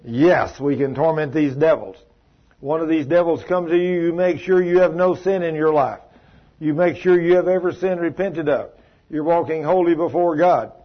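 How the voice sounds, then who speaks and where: A man's voice: on the high side, moderate pace, lo-fi sound. A male preacher giving a fervent, emphatic sermon. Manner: fervent, emphatic, tells stories with acted quotes.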